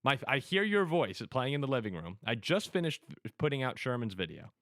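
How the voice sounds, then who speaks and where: Lively, bright-voiced sports show host. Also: male voice, medium pitch, fairly quick, dry recording, studio quality. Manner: animated storytelling, laughs often. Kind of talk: casual sports chat.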